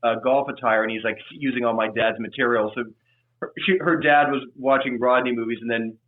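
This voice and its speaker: A man's voice: medium pitch, steady tone, brisk. A man chatting as a podcast guest, rambling with lots of restarts and fillers. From Los Angeles. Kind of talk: casual chat. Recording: tinny phone-like line.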